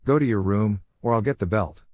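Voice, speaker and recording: A man's voice: fairly low pitch, brisk, a little mellow, dry recording, clean studio sound, close to an everyday voice. A man reading the lines of an angry, dismissive middle-aged mother in a scolding tone. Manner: snapping, scolding.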